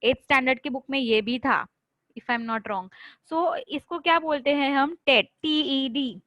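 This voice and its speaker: A woman's voice: high voice, racing, pushed and bright, no echo, dull audio. A woman with an Indian English accent teaching a French class online, patient and repetitive, switching between English and Hindi and praising students by name. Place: online class via chat.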